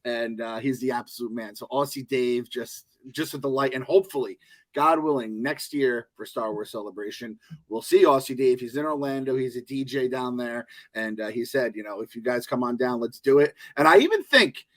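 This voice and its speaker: A man's voice: mid-range voice, animated, normal speed. Profane, rambling podcast co-host man. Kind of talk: casual podcast chat.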